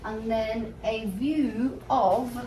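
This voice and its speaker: Speaking extremely slowly, this woman has a fairly high voice with a dark tone, and there's a slight hiss or hum on the track. She's a travel vlogger in her fifties, a bit drunk in a hotel room, cursing liberally while telling animated stories.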